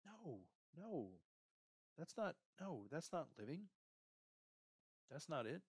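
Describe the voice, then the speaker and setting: In clean studio sound with no echo, a man with a medium-pitched, animated voice hosts a motivational career podcast at a measured pace with long pauses. He gives the listener a pep talk, guiding and coaching them while tagging lines with "right?" and "okay?" again and again.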